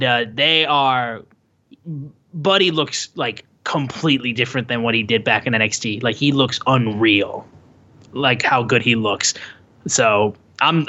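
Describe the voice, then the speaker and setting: A man co-hosting a casual wrestling podcast, excitable and loose, with lots of swearing and "like" fillers. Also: mid-range voice, unhurried, lo-fi sound. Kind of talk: casual chat recapping a wrestling show.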